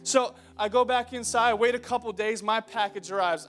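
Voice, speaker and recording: Young male pastor, high-pitched, jokey sermon style that turns earnest, stage mic in church. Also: steady tone, brisk, hardly any pauses, fairly bright tone, soft background music. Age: young adult. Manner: joking storyteller who builds into earnest exhortation. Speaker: preacher. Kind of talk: humorous sermon. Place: church auditorium before a congregation.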